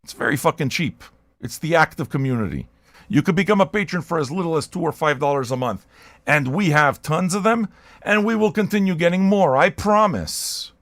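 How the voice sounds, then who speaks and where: A man hosting a record-listening livestream who talks in a loud, shouty, abrasive rant and swears freely. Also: on the high side, brisk, no room sound, studio quality. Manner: profane, excitable. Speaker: host of a record-listening show. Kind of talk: loud ranting livestream chat.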